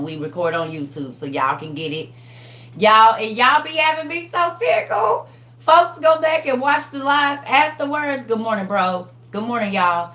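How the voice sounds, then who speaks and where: A woman hosts a live online class in casual chat, animated, laughing and talking straight to her viewers. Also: mid-range voice, reverberant. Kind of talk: casual livestream teaching chat.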